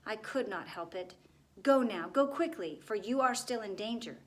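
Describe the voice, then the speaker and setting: Woman putting on a sorrowful male gargoyle, hushed, pleading, storybook. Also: mid-range voice, animated, normal speed, natural voice.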